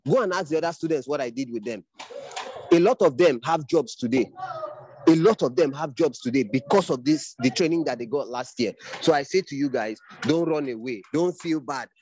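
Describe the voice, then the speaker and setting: A middle-aged man speaks to his class over a video call, earnest and fatherly as he lectures. His voice sits a little high for a man. The sound is dry and close, with no room around it. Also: darkish tone, no echo. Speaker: training instructor. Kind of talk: online class talk.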